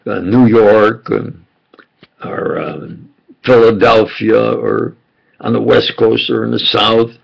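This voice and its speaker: An older American man giving a rambling, unrehearsed monologue full of fillers and restarts, with a gravelly, husky voice. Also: fairly low pitch, flat delivery, slow pace, muffled recording. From United States. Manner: meandering, with frequent fillers and restarts. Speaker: self-styled preacher recounting memories.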